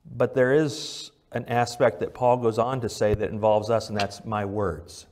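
Guy with a lowish voice preaching at church, gets loud then drops real quiet, asks the congregation stuff. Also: level tone, unhurried. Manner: swings between loud emphatic lines and low quiet ones; asks the congregation direct questions. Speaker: pastor. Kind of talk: sermon. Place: church service.

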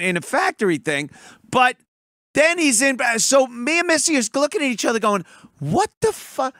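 A man hosting a call-in radio show, talking in a profane, animated, mocking way. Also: very high-pitched, dry recording, clean studio sound. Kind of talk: casual call-in talk.

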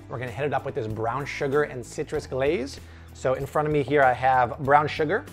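A man hosting a casual cooking demonstration, upbeat and jokey as he explains each step. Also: medium pitch. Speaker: cooking show host.

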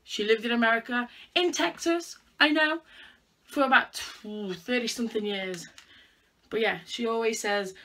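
A woman's voice: a little high, measured pace, fairly bright tone, a little hiss or hum. A young woman chatting casually at home in a vlog, thinking aloud in a self-mocking, chatty way while she styles her hair. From United Kingdom. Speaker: vlogger.

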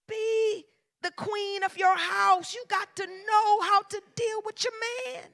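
A woman pastor preaching a sermon in a church, emphatic and colloquial, dropping to a hush and then rising to shouts. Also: very high voice, steady tone, takes it slowly, gravelly. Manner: emphatic preaching with call-and-response cadence, swinging from hushed to shouted; colloquial, folksy storytelling. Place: church sanctuary.

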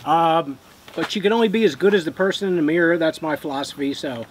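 High-voiced middle-aged man chatting. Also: fast, a little hiss or hum. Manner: chatty, joking, rambling with fillers. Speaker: host reading fan mail. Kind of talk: casual chat.

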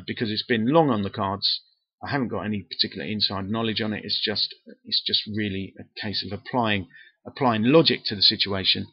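A man's voice: fairly low pitch, no room sound. A man giving his opinions to camera in a casual vlog, chatty and self-deprecating. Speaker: football fan vlogger. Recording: dull, dry lo-fi webcam sound.

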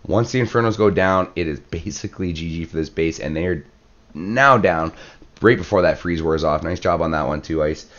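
A hoarse man, losing his voice, giving relaxed play-by-play commentary on a strategy game, with fillers and throat clearing. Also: deep voice, moderate pace, dull audio. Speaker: clan war commentator. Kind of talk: gameplay commentary.

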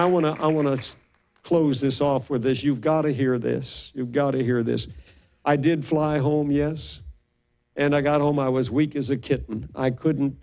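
With a medium-pitched, darkish voice, an older pastor delivers an earnest, emotional sermon built around stories. He frequently starts his sentences over.

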